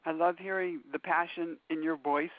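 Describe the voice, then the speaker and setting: A man's voice: fairly high pitch, fairly even intonation, normal speed, dry recording. A man hosting a podcast, interviewing a guest with short affirmations. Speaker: podcast host. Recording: tinny phone line, dry.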